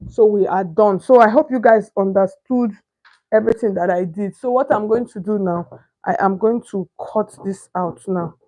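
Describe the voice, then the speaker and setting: A woman's voice: mid-range voice, moderate pace, warm tone. A young Nigerian woman demonstrating pattern cutting step by step, chatty, often stopping to ask if viewers can see and searching for the right word. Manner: chatty, keeps asking "can you see?", searches for words. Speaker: sewing instructor. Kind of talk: step-by-step tutorial.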